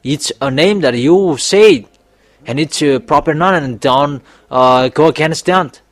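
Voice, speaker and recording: A man delivers a sermon in a somewhat high voice. He is emphatic and repeatedly pushes up into loud, insistent exhortations. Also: unhurried. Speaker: preacher.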